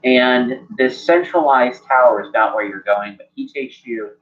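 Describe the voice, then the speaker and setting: A man's voice: mid-range voice, unhurried. A man narrating a tabletop game as game master, rambling and full of "like" fillers. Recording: dull lo-fi sound, faint music.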